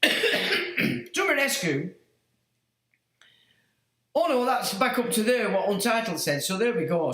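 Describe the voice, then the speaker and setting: A man's voice: extremely high pitch, fairly bright tone. A man hosting a livestream, telling a story in a casual, mocking, swearing way, laughing often. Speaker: livestream host. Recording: roomy echo.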